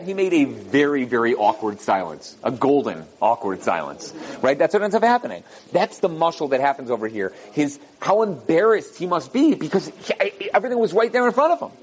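Middle-aged male rabbi, lively sermon storyteller, voice set a bit high, swings up when acting out characters. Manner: animated storytelling, acts out voices with big pitch swings. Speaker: rabbi giving a Torah talk.

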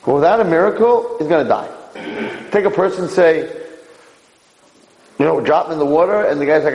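Male rabbi, Torah lecture, animated with sudden high leaps, gravelly tone, roomy hall sound. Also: a little fast, pauses often. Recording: echoey hall.

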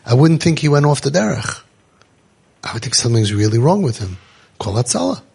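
A man hosting a parenting podcast, telling stories to parents in an animated way. He acts out the voices he quotes and drops Yiddish and Hebrew words into his talk. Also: mid-range voice, a little fast, vocal fry, husky. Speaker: parenting coach and podcast host.

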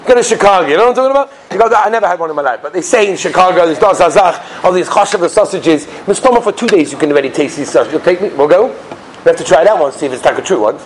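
A man teaching Jewish law as a lively lecture, full of stories and rhetorical questions. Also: high voice, racing, a little hiss or hum. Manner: lively storytelling, rhetorical questions, mixes Yiddish and Hebrew terms. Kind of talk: animated lecture with anecdotes.

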